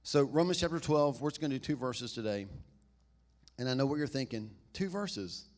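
Southern pastor guy, chatty sermon, cracks jokes, keeps saying right?, punches some lines loud. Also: mid-range voice, a little fast. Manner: conversational and humorous, laughs and asks "right?"; swings from loud emphasis to quiet asides.

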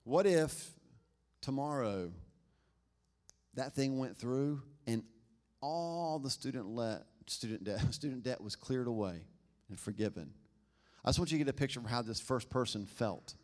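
Guy pastor preaching, chatty, keeps asking the crowd stuff, mid pitch. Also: animated, normal speed, a little mellow. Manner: conversational, asks the congregation questions. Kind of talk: sermon.

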